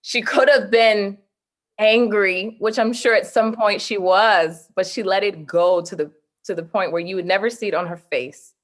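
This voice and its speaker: A woman's voice: medium pitch, moderate pace. A woman guest, a poet and author, talking expressively in an interview, laughing often and reading her poetry.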